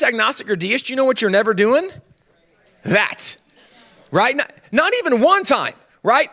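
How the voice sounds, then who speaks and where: Lively, high-voiced man giving a conference talk. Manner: humorous, conversational, with quick asides. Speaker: conference speaker on history. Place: conference stage.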